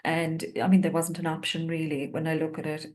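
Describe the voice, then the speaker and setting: Low-voiced Irish woman telling a work story. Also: level tone, a little fast. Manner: reflective, earnest, with many fillers. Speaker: home visitor. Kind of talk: panel discussion storytelling.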